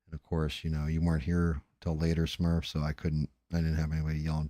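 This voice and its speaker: A man's voice: rumbling low, monotone, quick pace, hardly any pauses, dark tone, dry recording. A tired man hosting a livestream, chatting casually and profanely in a rambling, mumbling way while he paints. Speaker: livestream host.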